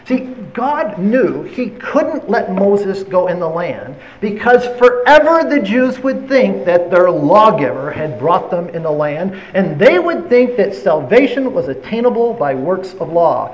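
A man preaching a sermon, retelling Bible stories in an animated, conversational way. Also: high-pitched, a little slow, hardly any pauses, muffled recording.

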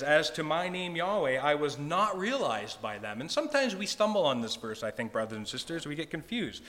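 A man giving a sermon with a Hebrew word study, slowing down and lifting his voice to read scripture aloud. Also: fairly high pitch, fairly bright tone, big-room sound. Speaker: preacher.

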